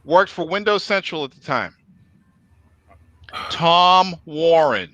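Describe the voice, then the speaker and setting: A man hosting a podcast, telling a story in a casual, profane, animated way. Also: on the high side, slow pace, dry recording, low-quality recording. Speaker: podcast host.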